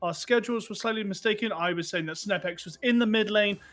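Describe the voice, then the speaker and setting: A man giving quick play-by-play commentary on a live esports match, with dry asides. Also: sits high, a bit bright.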